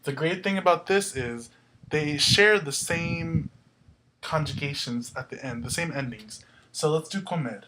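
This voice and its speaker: A man's voice: a little high, a little slow, background noise. A young man hosting a casual language tutorial, explaining step by step and spelling out word endings letter by letter. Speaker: host, Spanish tutor. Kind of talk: casual whiteboard lesson.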